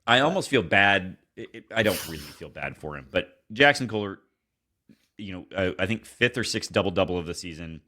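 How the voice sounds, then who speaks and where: Deep bright-voiced man on a podcast. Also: expressive, a little fast. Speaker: podcast co-host. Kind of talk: casual sports chat.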